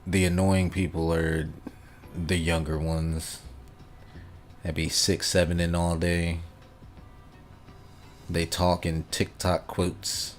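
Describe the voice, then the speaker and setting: Male streamer, deep and unhurried, laid-back rambling chat with frequent chuckles. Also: level tone, soft background music. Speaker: gaming livestreamer. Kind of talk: casual chat reading out viewer comments.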